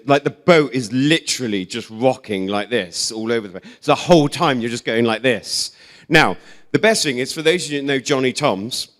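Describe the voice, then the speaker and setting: A young English man gives a casual sermon full of funny stories. His voice sits a bit high for a man. He talks in a loose, self-deprecating way, with lots of fillers. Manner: chatty, self-deprecating, animated storyteller with many "like"s and "um"s. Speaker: preacher.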